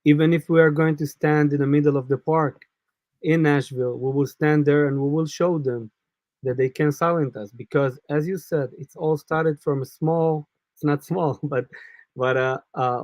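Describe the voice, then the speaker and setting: A man speaks as a guest on a live stream, in halting English with many fillers. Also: fairly high pitch, steady tone, darkish tone, no room sound. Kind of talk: casual live-stream discussion.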